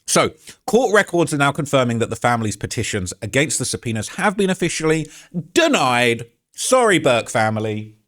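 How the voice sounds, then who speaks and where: Lively, sarcastic male commentary host. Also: mid-range voice, brisk. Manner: heated, sarcastic ranting; reads out online comments. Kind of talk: true-crime commentary.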